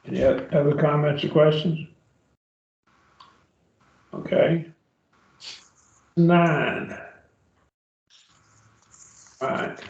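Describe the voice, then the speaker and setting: Slow, gravelly man teaching a class. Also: on the high side, darkish tone. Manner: patient, explains step by step, checks with "okay?". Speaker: Bible Greek teacher. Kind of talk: classroom grammar lesson. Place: church classroom. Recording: distant, roomy and dull.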